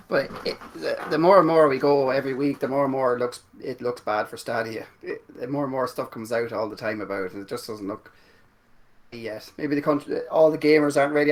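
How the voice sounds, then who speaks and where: Guy on a gaming podcast, mid-pitched, hesitant, trails off into a mumble. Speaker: podcast co-host. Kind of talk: casual chat.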